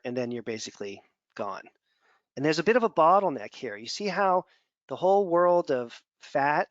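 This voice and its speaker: Male instructor, mid-pitch, chatty digressive lecture, dry and muffled audio. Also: no echo. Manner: conversational, digressive, repeats words while thinking. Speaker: functional medicine instructor. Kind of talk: casual lecture over slides. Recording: dull, dry lo-fi sound.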